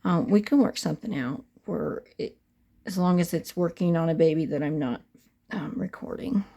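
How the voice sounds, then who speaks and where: Painting a doll on her casual crafting vlog, a middle-aged woman talks chattily to her viewers and frequently slips into a half-whisper. Her voice sits on the low side, mellow with vocal fry, at normal speed.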